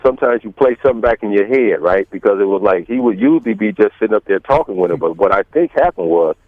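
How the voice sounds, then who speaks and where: A man's voice: lowish voice, animated, fast, no echo. Rambling man on a tinny phone line. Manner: rambling with many fillers and restarts, acts out quotes. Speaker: guest. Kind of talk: storytelling in an interview.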